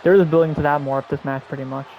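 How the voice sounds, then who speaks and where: A man's voice: fairly high pitch, fairly even intonation, rapid-fire, vocal fry, dull audio, slight background noise. A man hosting a podcast, rambling through a casual wrestling recap with many restarts and repeated words. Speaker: podcast host.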